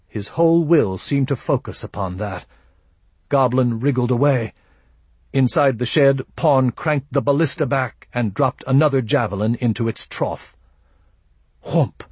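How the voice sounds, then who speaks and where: A man reading a first-person audiobook narration in a measured, grim, low-key manner. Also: a little mellow, slightly rough, no echo.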